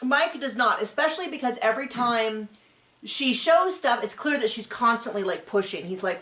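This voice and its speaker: Brief: woman host, higher voice, animated chatty storyteller, echoey room. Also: normal speed. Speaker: podcast host. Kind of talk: casual recap chat. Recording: roomy echo.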